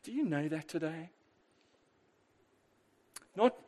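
High-voiced male preacher, emphatic. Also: unhurried. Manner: emphatic, with rhetorical questions to the congregation; lively, alternating loud bursts and quiet asides. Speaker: pastor. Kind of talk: sermon.

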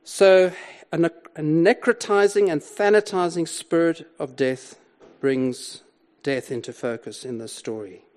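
This is an older man's sermon on a Bible text, spoken unhurriedly in a slightly high voice with a darkish tone. Emphatic repetition of key words and rhetorical questions drive his delivery.

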